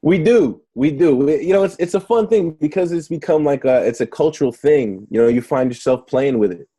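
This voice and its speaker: A young man with a mellow, warm tone, chatting through an interview. He tells stories loosely, with many restarts and fillers. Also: fairly high pitch, expressive, fairly quick, husky. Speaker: negotiation trainer, guest. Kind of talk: casual interview storytelling.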